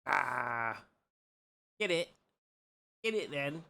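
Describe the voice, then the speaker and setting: A man's voice: mid-range voice, moderate pace, long pauses, clear, resonant tone. A man live-streaming a video game, chatting casually with his viewers and playfully complaining. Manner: playful, mock outrage, talks to his dog in a soft voice.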